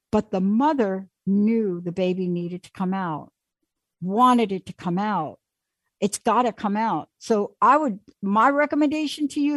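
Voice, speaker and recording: A woman's voice: mid-range voice, dry recording. A woman hosting a radio call-in show, talking in an emphatic, pushy way as she coaxes her caller along. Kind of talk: casual call-in coaching.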